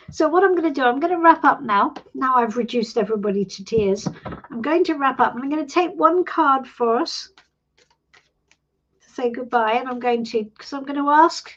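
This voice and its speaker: Middle-aged British woman, tarot host; warm, encouraging coaching talk, animated delivery over slightly muffled stream audio. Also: sits high. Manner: warm, reassuring, calls people sweetie. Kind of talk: live-stream coaching chat.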